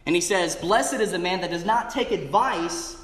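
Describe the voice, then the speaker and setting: A man's voice: high-pitched, moderate pace, background noise. A man preaching a sermon as pastor, emphatic and repeating phrases for emphasis. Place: church sanctuary. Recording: echoey church hall.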